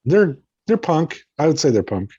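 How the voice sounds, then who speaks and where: A man's voice: on the high side, sing-song, moderate pace, dark tone, husky, no echo, muffled recording. A man who is a podcast guest, chatting in an easygoing way and laughing a lot. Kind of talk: casual podcast chat.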